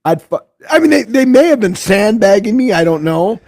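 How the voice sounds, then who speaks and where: A man with a fairly high voice, co-hosting a relaxed podcast. He swears casually and teases himself. The sound is dry and close. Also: moderate pace, creaky, no room sound. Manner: swears casually, self-mocking. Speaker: podcast co-host. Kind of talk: casual chat.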